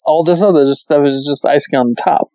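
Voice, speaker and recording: A man's voice: a little high, fairly quick, warm tone, dry recording, highs cut off. A man co-hosting a casual movie review podcast, laid-back, laughing easily and swearing often. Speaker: podcast co-host.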